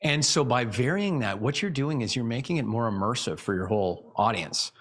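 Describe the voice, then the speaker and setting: Brisk and animated, a man with a medium pitch and a somewhat bright tone chats as an interview guest. He gives speaking advice like a coach, performs vocal examples, and frequently starts his sentences over.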